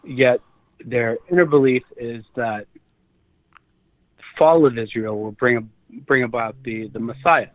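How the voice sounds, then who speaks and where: A man's voice: medium pitch, steady tone, unhurried, long pauses, dry recording. A man calling into a show, heard through a tinny phone line with a dry, close sound. He talks hesitantly and stops often to gather his thoughts. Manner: hesitant, rambling with fillers. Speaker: caller.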